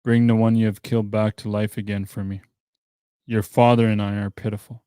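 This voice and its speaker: A man's voice: lowish voice, flat delivery, a little fast, mellow, clean tone, no echo, studio quality, close to an everyday voice. A man voicing a grieving old mother in a traditional tale, pleading with her son.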